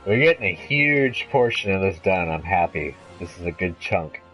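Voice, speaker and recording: A man streaming a game, chatting casually and reacting out loud as he plays. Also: low-pitched, lively intonation, normal speed, faint music behind. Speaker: let's play gamer. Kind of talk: live game commentary.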